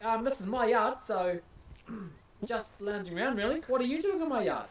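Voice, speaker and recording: A man's voice: high voice, expressive, moderate pace, a little hiss or hum. A young Australian man acting in a comedy sketch, laid-back and slangy, often laughing. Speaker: comedy sketch creator and actor. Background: music.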